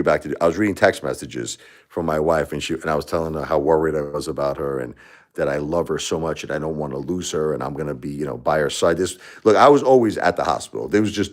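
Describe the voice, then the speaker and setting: Deep-voiced man rambling on a livestream. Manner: rambling, heartfelt, conversational. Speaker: livestream host. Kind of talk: casual livestream talk.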